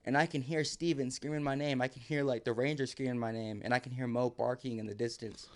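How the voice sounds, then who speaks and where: A man's voice: mid-range voice, steady tone, fast talker. Man, podcast guest, loose storyteller who swears and plays out each quote. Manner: vivid, swearing, re-enacts quotes. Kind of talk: casual storytelling.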